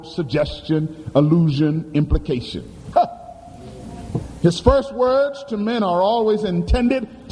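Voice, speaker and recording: Dramatic male preacher with a lively voice. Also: long reverb tail, slight background noise, poor audio. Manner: dramatic storytelling with sudden leaps in pitch; calls on the congregation to answer. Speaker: pastor. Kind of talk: sermon. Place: church.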